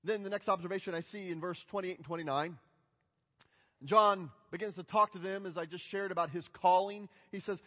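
A male pastor preaching a sermon with a husky voice, telling stories animatedly and acting out the people in them. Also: sits high, brisk, big-room sound, muffled recording. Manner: animated storytelling, acts out voices.

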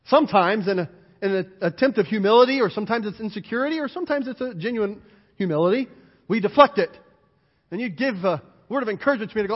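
A man preaching a sermon as pastor, animated and emphatic, driving points home with repeated lists. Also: high-pitched, quick pace. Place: church sanctuary. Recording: dull, hall-reverberant church recording.

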